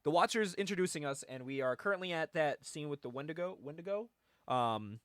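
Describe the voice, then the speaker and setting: A man hosting a casual podcast about comics, animated and rambling, laughing often. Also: a little high, fairly quick, no echo, studio quality. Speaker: podcast host.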